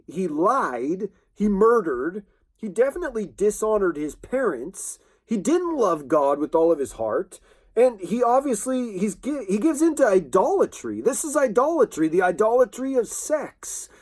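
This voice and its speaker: A man preaching a sermon in an earnest, halting way, with many restarts and fillers. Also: high-pitched, a little mellow.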